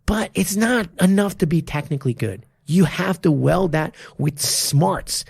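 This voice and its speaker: A male martial arts coach chats on a podcast, emphatic and profane as he breaks down a fight. His voice is deeply gravelly and husky. The sound is dry and close, with no room echo. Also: lively intonation, measured pace. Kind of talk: casual podcast chat.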